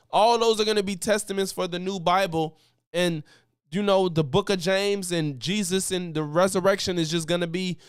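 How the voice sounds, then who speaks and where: High-voiced, profane ranting man. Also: clear, resonant tone, dry recording, clean studio sound. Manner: profane, animated ranting with laughs. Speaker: streamer reacting to news clips. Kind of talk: casual commentary stream.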